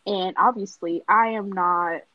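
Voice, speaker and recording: A woman's voice: mid-range voice, a little slow, no echo, highs cut off. Nineteen-year-old woman telling a story. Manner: animated, acts out the other voices in her story. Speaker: college student telling a story. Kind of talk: casual storytelling among friends.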